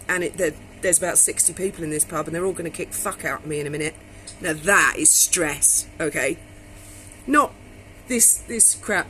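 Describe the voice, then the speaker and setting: A woman's voice: fairly low pitch, normal speed, bright, forceful tone, slight background noise, rough recording. A middle-aged woman vlogging, telling a story bluntly in casual speech and swearing freely.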